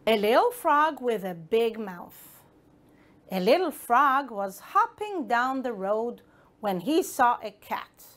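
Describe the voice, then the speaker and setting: A woman's voice: fairly high pitch, very animated, slow pace, a bit bright. A woman with an Israeli accent teaching an English lesson to children, encouraging them and asking them questions. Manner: encouraging, addresses pupils directly with questions. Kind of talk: broadcast school lesson for children.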